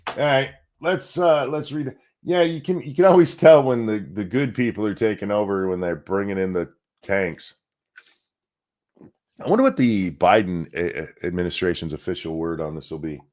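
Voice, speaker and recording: A man's voice: fairly low pitch, moderate pace, a little mellow. An American man hosting a casual livestream show, sarcastic and profane, reacting to news and reading out viewer donations. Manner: sarcastic, profane, reads chat donations aloud. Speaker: podcast host.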